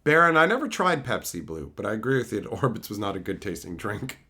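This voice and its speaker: A man's voice: fairly low pitch, very animated, fast, sharp tone. A man hosting a livestream, casually reading chat and ranting in a profane, unfiltered way. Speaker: livestream host.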